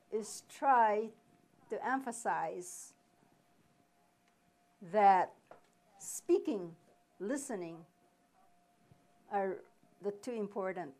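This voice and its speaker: A woman presenting a reading workshop, explaining slowly with pauses and asking questions, then answering them herself. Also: mid-range voice, a little mellow. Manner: slow, deliberate explaining with pauses. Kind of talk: live teaching workshop.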